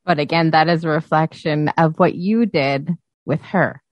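Low-voiced encouraging female co-host. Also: normal speed, no echo. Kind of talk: casual chat. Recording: dry, dull lo-fi sound.

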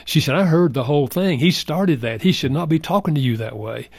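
Un homme âgé, invité d'une émission, raconte avec sincérité et douceur une histoire personnelle. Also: male voice, fairly high pitch, animated, brisk, vocal fry, no room sound, studio quality. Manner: earnest, soft-spoken, reflective. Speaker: guest. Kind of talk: heartfelt personal storytelling.

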